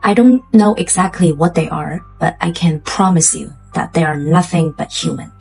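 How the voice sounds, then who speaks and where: A woman's voice: on the low side, moderate pace, creaky, darkish tone, faint music behind, low-quality recording. A woman voicing a frightened old woman, speaking in a shaky, urgent voice as she warns a young man. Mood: shaken.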